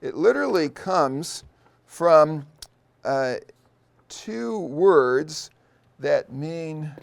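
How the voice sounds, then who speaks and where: Middle-aged male professor, a bit high-pitched with a gravelly edge, who lectures thoughtfully with frequent ums and restarts. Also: animated. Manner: thoughtful, pauses with many fillers and restarts. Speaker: seminary professor. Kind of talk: unscripted Bible lecture.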